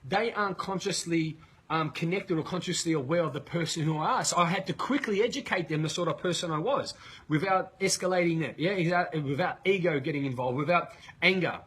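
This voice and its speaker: Aussie guy on a webinar mic, husky voice, swears a lot telling stories. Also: a little high, fairly quick, rough recording. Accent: Australian. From Australia. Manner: energetic, swearing, animated retelling. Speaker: leadership coach. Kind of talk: live webinar storytelling.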